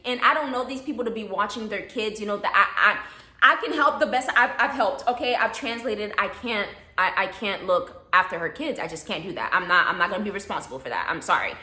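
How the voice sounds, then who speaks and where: A young woman telling a storytime vlog, animated, often asking "okay?" and swearing casually. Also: mid-range voice, fairly quick, roomy sound.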